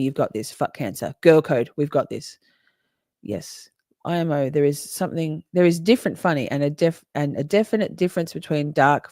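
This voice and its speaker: A woman's voice: low-pitched, darkish tone, no echo, clean studio sound. A woman hosting a casual live stream, reading viewers' comments aloud, swearing freely and laughing often. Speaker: livestream host reading chat.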